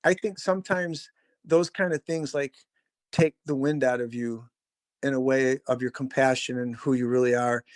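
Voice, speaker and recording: A middle-aged drummer appears as a podcast guest, telling stories in a rambling, profane, laid-back way with plenty of fillers. His mid-range voice holds a steady tone at a moderate pace, recorded in studio quality with no echo.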